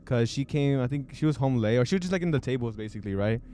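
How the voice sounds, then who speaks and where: A man's voice: medium pitch, animated, fast talker, warm tone. A young man hosts a casual podcast in an everyday mid-range voice. He tells stories loosely, with plenty of filler words and frequent laughs along the way. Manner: rambling, filler-heavy storytelling with frequent laughs. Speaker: podcast host. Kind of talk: casual chat.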